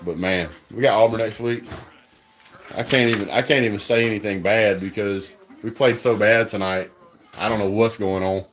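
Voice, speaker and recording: A man hosting a live fan reaction stream, excitable and trash-talking, speaking into a phone held at arm's length. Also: lowish voice, normal speed, a little hiss or hum. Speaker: fan livestream host.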